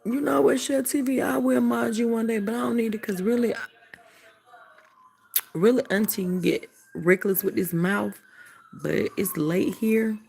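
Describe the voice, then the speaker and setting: A woman's voice: fairly high pitch, normal speed, gravelly, darkish tone, slightly rough, rough recording. An older woman hosting a late-night livestream from home, chatting in a sassy, casual way with her viewers while sleepy and yawning. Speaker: livestream host.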